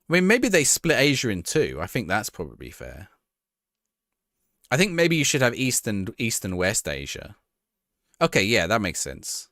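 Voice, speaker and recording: A man's voice: medium pitch, a bit bright, dry recording, clean studio sound. A man casually chatting on a live stream as he plays a football management game, thinking aloud and talking to his chat.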